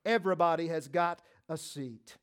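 A man preaching a sermon, swinging from loud, emphatic lines to soft, hushed ones and repeating phrases for emphasis. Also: a little high, normal speed.

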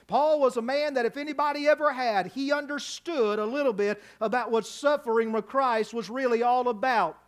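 Male pastor, very high voice, evening sermon, emphatic build. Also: steady tone, normal speed, hardly any pauses. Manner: preaching, building to loud emphatic cries. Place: church.

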